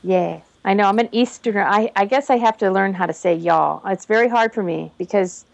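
A woman's voice: mid-range voice, a little fast, creaky, dull audio. A woman from Massachusetts in casual conversation as a podcast co-host, chatty and repeating words as she gets going. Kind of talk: casual chat.

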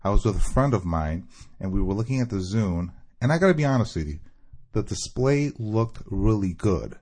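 A man's voice: lowish voice, expressive, normal speed, darkish tone, husky. A man from Michigan calling into a podcast, telling a sarcastic story. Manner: chatty, sarcastic. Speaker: caller leaving a voicemail.

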